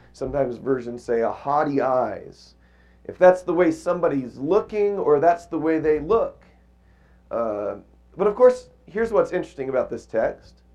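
A man gives a Bible-teaching sermon in a relaxed, conversational way. He keeps putting questions to his listeners and works through scripture as he goes. His voice sits a little high, and the recording sounds dull and lo-fi. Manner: conversational, asks the audience questions, reads scripture aloud. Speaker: preacher. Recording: muffled lo-fi recording.

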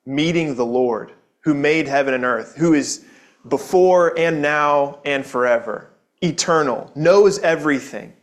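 A man's voice: fairly high pitch, a little slow. A man giving a sermon in a church, speaking earnestly and conversationally, posing rhetorical questions to the congregation. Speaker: pastor. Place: church building.

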